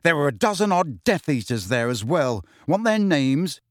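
A man's voice: fairly high pitch, big pitch swings, moderate pace, dry recording, studio quality. A man voicing an angry teenage boy who snarls his words defiantly.

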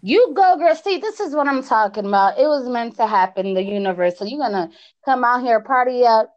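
A woman with an East Coast US accent chats in a lively, upbeat way and repeats her phrases for emphasis. The recording is dry and a little dull. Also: a little high, brisk, no echo. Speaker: business owner. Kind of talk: casual networking chat.

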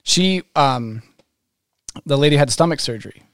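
A man's voice: fairly high pitch, normal speed, dry recording, clean studio sound. A man, a pro snowboarder, telling funny stories on a casual podcast, laughing often and acting out quotes. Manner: laughing, animated, acts out quotes.

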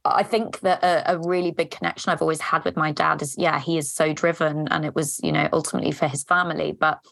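Speaking quickly with vocal fry, this English podcast host in her thirties gets frank and confessional, swearing casually and leaning on plenty of fillers in a candid personal monologue. Her voice is low-pitched and a bit bright, with little pitch movement and no echo.

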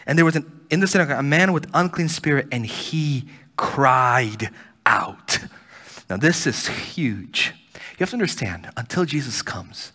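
A man preaching a sermon as pastor, swinging between loud pleading and hushed near-whispers. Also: a little high. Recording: church hall reverb.

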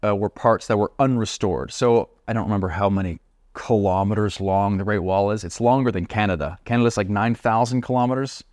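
A man who is a podcast guest, telling a story in an animated, chatty way with lots of asides. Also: lowish voice, brisk, no room sound, studio quality. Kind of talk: casual storytelling.

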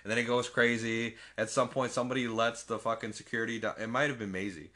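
A man casually recapping a movie plot with a friend, swearing often and acting out the characters' lines in quick silly voices. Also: medium pitch. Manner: animated, profane, acts out quotes in silly voices. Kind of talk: casual film recap chat.

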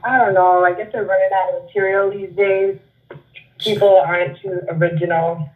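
A woman's voice: mid-range voice, fairly even intonation, normal speed. Female guest, Long Island accent, giggly and blunt, thin phone-line audio. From Long Island, New York. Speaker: guest fighter. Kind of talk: casual interview chat. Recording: tinny phone-line sound.

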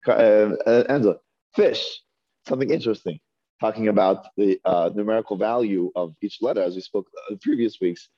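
A man's voice: on the low side, normal speed, no echo, lo-fi sound. A man teaching a Hebrew reading class, patiently sounding out syllables one by one for his students. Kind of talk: classroom lesson. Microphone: earpiece mic.

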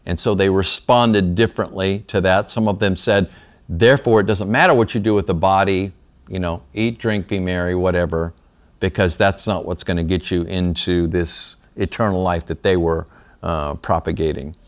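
A man's voice: deep voice, fairly even intonation, normal speed. A man teaching a Bible study class in a small room, talking conversationally with a slight lisp from retainers and often checking in with the class.

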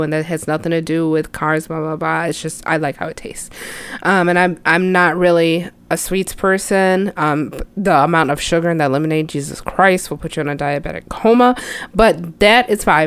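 Animated chatty woman podcast host. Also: fairly low pitch, smooth, dry recording. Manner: animated, chatty, exclaims often. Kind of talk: casual sports chat. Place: city outside Chicago.

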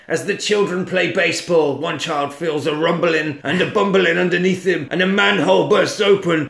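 A man's voice: on the high side, creaky, reverberant. A man, casually retelling a film plot and swearing, putting on silly voices as he goes. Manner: animated storyteller, swears, puts on silly voices. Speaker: podcast co-host.

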